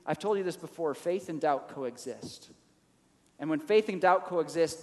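Male pastor, higher register, animated sermon delivery in a reverberant hall. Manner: animated preaching, acts out quoted lines with rising pitch.

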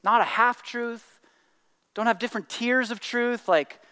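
A man preaching a sermon in an animated way, acting out excuses in little voices and dropping to quiet emphasis. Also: high voice, a little slow, long reverb tail. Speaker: pastor.

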